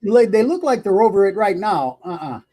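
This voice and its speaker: A man with a high voice chimes in during casual chat. He agrees emphatically and often repeats himself. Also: big pitch swings, brisk, mellow. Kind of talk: casual group chat reacting to a livestream.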